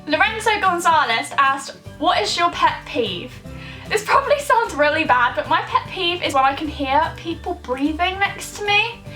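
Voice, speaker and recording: A woman's voice: very high-pitched, lively intonation, normal speed, bright, forceful tone, soft background music, rough recording. A young woman chatting casually in a vlog, reading out viewers' questions and answering them in an upbeat way. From United Kingdom.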